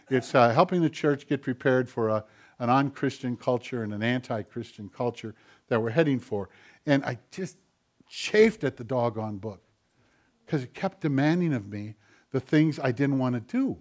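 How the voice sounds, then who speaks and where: A man preaching a sermon who acts out prayers and God's replies in quoted voices, swinging from loud urgent appeals to low hushed asides. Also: lively intonation, normal speed. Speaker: pastor.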